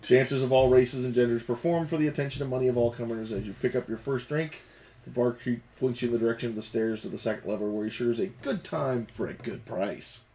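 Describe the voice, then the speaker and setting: A man narrating a tabletop game as game master, playful and quick to laugh. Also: mid-range voice, warm tone, a little hiss or hum, low-quality recording.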